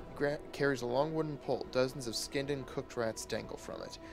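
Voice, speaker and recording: A man streaming a game who reads its text aloud in a steady, measured way. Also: medium pitch, gravelly, music in the background.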